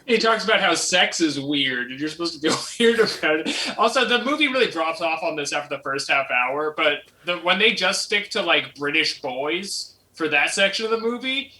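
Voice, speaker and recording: A man's voice: on the high side, expressive, normal speed, hardly any pauses, pushed and bright, far from the mic. A man co-hosting a podcast in casual chat, cracking jokes and laughing. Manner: wisecracking, laughing. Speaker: podcast co-host. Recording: voice set back from the mic.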